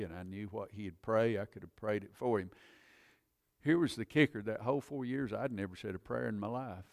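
A man preaching, telling his own conversion story in an earnest, plain-spoken way. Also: fairly low pitch. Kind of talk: sermon testimony.

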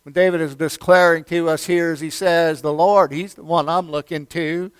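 A man preaching a sermon as pastor, who swings between loud, emphatic declarations and hushed near-whispers, repeating phrases and calling his listeners friend. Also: a little high, steady tone, normal speed, clean tone, no room sound.

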